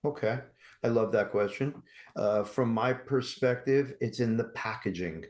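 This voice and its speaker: A man talking as a guest on an interview podcast, energetic and persuasive, often asking rhetorical questions. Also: medium pitch, a little slow. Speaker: guest, mental health campaign creator.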